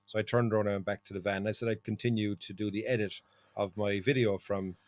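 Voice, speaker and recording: An Irish man hosting a podcast, telling a story in relaxed, teasing chat. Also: on the low side, quick pace, no echo. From Ireland. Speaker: podcast host.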